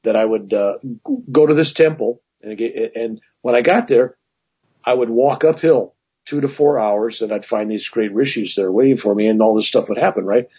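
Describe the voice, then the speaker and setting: Very husky man telling a rambling story. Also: medium pitch, normal speed, dark tone. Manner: rambling, with frequent restarts and asides. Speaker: guest telling a personal story. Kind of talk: casual spoken storytelling. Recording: dull lo-fi recording.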